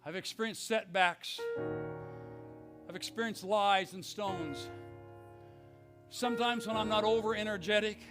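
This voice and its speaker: A middle-aged man preaching a fervent Pentecostal sermon as pastor, swinging from hushed words to shouts. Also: high-pitched, measured pace, pauses often, music in the background. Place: church sanctuary.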